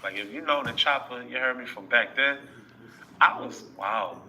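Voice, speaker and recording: A man's voice: mid-range voice, moderate pace, sharp tone, poor audio. A man telling a boastful story in casual, slangy talk, often checking in with the listener. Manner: boastful and slangy, with frequent tag questions. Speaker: rapper telling a story in an interview clip.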